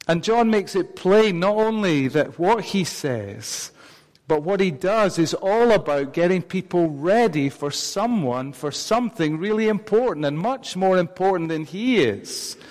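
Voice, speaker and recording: Preacher with a raised voice in a reverberant hall. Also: male voice, high-pitched, animated, unhurried, a little mellow. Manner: conversational, asks the congregation questions. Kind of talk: sermon. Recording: long reverb of a large hall.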